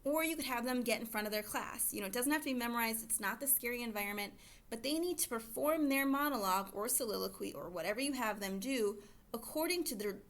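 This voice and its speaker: A woman's voice: on the high side, expressive, fast talker, a bit bright. A woman teacher walking other teachers through a lesson plan in a casual, chatty way, explaining each step as she goes. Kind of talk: recorded lesson walkthrough.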